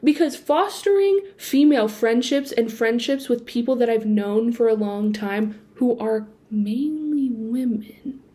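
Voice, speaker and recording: A woman's voice: on the high side, measured pace, few pauses. A young woman vlogging at home into a built-in laptop mic, talking animatedly and bursting into snatches of song. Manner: animated, swings between quiet musing and bursts of excitement; sings snatches of songs between sentences. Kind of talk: casual sit-down chat to camera. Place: indoors at home, seated.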